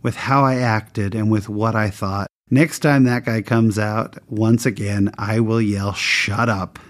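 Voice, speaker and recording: A man's voice: fairly even intonation, a little slow. A man sharing a personal anecdote with a moral lesson, in a candid, conversational and self-mocking way. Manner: voices the people in his story with big pitch swings.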